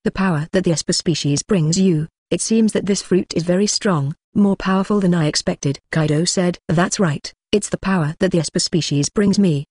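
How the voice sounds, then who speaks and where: Synthetic audiobook narrator, mid pitch, steady and even, close and dry with no room sound. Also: husky, no echo. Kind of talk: flat synthetic audiobook reading.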